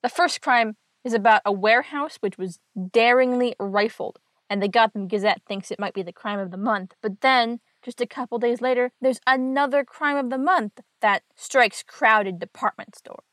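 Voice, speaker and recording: A woman's voice: on the high side, moderate pace, hardly any pauses, a bit bright, no echo. A woman host casually recapping an old comic book story with wry, chatty asides.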